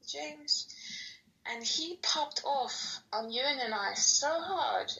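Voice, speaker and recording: A woman's voice: high voice, animated, slow, gravelly, sharp tone, lo-fi sound. A woman in a casual chat, speaking candidly and chattily and swearing freely.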